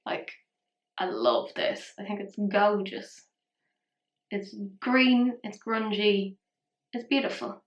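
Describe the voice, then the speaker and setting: A woman's voice: medium pitch, very animated, takes it slowly, pauses often, lo-fi sound. A woman chatting casually through a makeup tutorial, rambling and poking fun at herself. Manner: chatty, self-mocking, rambling asides. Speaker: makeup vlogger. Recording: roomy echo.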